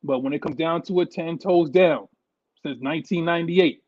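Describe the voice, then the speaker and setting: A fired-up man from New York sounds off on his team, his voice sitting high for a man. He speaks with heavy emphasis and keeps repeating himself. The recording is dry and a little muffled. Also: moderate pace, darkish tone, no echo. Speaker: sports show co-host. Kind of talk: heated casual sports talk.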